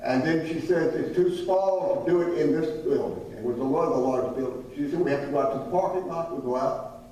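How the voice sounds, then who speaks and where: A man's voice: a little high, a little fast, mellow. A man with a Southern American accent, a visiting missionary preacher telling a folksy, humorous story in a sermon, acting out the voices of people he quotes. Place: church sanctuary. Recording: echoey church hall from far off, faint hum.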